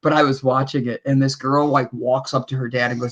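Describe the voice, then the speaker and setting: A middle-aged man chatting casually as a podcast guest, animated and prone to acting out quotes in voices. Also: mid-range voice, fairly quick, muffled recording. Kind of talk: casual chat.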